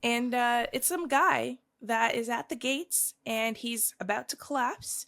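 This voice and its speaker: A woman's voice: on the high side, unhurried, gravelly, fairly bright tone. A woman co-hosting a podcast, giving a chatty, rambling recap full of fillers. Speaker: podcast co-host.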